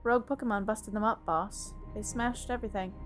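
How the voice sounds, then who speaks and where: A woman's voice: mid-range voice, steady tone, brisk, faint music behind, natural voice. A woman voicing nervous, deferential male gang grunts who stammer their excuses. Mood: sheepish.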